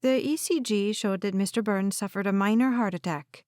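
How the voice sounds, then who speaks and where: A woman voicing a calm, formal female hospital doctor who speaks quietly and in a measured way. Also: mid-range voice, no echo, clean studio sound, natural voice.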